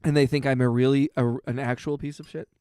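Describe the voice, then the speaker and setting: A man's voice: mid-range voice, fairly even intonation, fast talker, warm tone, smooth, dry recording, studio quality. A man hosting a casual livestream, reading chat aloud and joking sarcastically. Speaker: livestream host. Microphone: close mic on stream.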